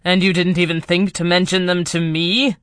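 Cruel cane-wielding male boss, harsh and demanding, read by a narrator, crisp, dry. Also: medium pitch, little pitch movement, moderate pace, fairly bright tone, no echo, close to an everyday voice.

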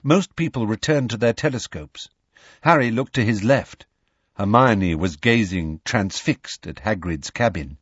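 A man narrating an audiobook in an expressive storytelling manner. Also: lowish voice, unhurried, slightly rough, no room sound, highs cut off. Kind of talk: scripted narration.

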